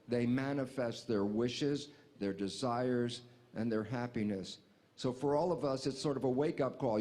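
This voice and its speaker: A man being interviewed, explaining ideas in an animated way and acting out little dialogues. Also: mid-range voice. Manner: animated, acts out dialogues in quotes. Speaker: interview guest.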